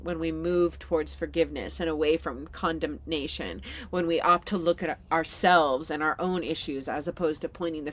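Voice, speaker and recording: A low-pitched woman in her thirties talks alone into the mic for her podcast. She speaks candidly and with feeling, and she laughs often as she goes. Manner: slow soothing guided meditation. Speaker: podcast host. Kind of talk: solo podcast monologue.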